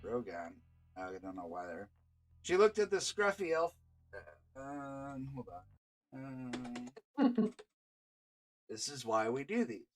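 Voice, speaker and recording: A man's voice: mid-range voice, very animated, slow pace, pauses often. Male GM reading his visual novel aloud, casual asides, faint music under. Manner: stops to chat and laugh between narration. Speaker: game master and visual novel creator.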